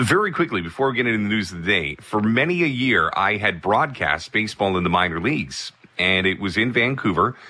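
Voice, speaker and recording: A baseball broadcaster telling a casual personal anecdote, animated and full of asides. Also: male voice, fairly low pitch. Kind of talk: casual storytelling.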